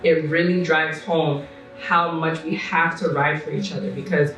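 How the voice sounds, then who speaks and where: A woman's voice: sits low, fairly even intonation, measured pace, a bit bright. A woman speaking with passion and urgency as a guest in a casual group chat. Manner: impassioned, urgent. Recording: echoey room from a distant mic, faint music.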